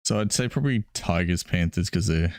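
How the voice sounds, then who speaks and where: Pria Australia bersuara rendah, banyak tertawa. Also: male voice, deep voice, expressive, brisk, darkish tone, no room sound, clean studio sound. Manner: laughs often, hesitant restarts. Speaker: podcast co-host. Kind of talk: casual sports chat while watching a game.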